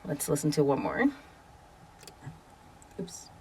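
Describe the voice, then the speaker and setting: A woman voice actor with a low-pitched voice walks through her setup at home. She is chatty and explanatory, correcting herself as she goes. She is close on a quality studio microphone in a quiet room. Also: animated, moderate pace, a little hiss or hum. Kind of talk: casual screen walkthrough. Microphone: studio condenser microphone.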